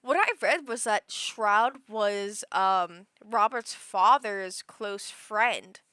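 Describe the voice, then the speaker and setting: A woman's voice: mid-range voice, drawn-out words, sharp tone, clean tone, no room sound. A young woman livestreaming, chatting casually in a rambling way, full of fillers and restarts. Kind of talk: casual chat.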